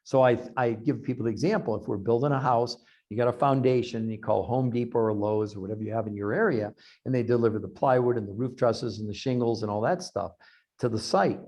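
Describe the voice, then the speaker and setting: A man's voice: mid-range voice, brisk, lo-fi sound. A man who researches health, telling long anecdotes in an interview over a video call, acting out quoted lines. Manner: animated anecdotes with acted-out quotes. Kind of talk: storytelling in an interview.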